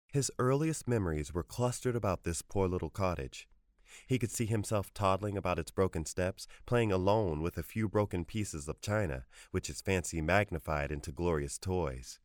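A man narrates a short story in a very low, measured voice. The recording is dry and close with no room around it. His reading is even and unhurried. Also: no echo.

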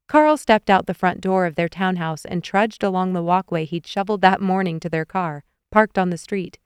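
A woman's voice: fairly low pitch, normal speed, few pauses, clear, resonant tone, no echo, clean studio sound. A young adult woman reading a novel aloud as an audiobook narrator, giving the characters small shifts in voice. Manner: reads dialogue with light shifts for each character. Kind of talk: scripted narration.

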